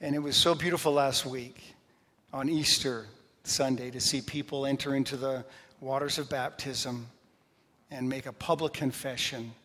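Joking pastor in a reverberant church. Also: male voice, mid-range voice. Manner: animated, joking storyteller. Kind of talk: sermon with humorous stories. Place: church sanctuary. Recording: long reverb of a church hall.

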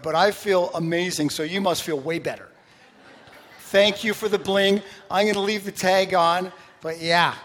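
Joking pastor in a reverberant church. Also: male voice, fairly high pitch. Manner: animated, joking storyteller. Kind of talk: sermon with humorous stories. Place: church sanctuary. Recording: long reverb of a church hall.

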